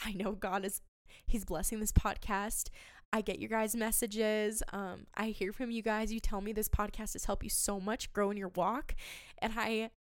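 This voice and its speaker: Young woman doing a faith podcast, earnest and emotional, lots of um and restarts, smooth clear voice, dry sound. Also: mid-range voice, dry recording. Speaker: podcast host.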